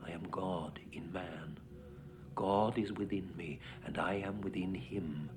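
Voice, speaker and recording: An actor playing a tormented young male dancer sliding into madness, delivering a film voice-over monologue in a hushed, often whispered voice that breaks into far-off shouts. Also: low-pitched, slow. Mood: hushed rapture.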